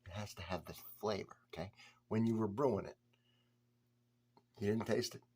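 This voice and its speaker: Low husky man reviewing beer. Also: moderate pace, darkish tone. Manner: chatty, talks straight to the viewer, blunt verdicts. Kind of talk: casual beer review vlog.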